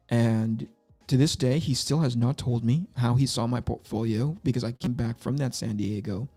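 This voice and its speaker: Brief: middle-aged male stream host, mellow gravelly voice, rambling self-deprecating storyteller. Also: mid-range voice, moderate pace, hardly any pauses, soft background music. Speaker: livestream host. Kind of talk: casual livestream chat while drawing.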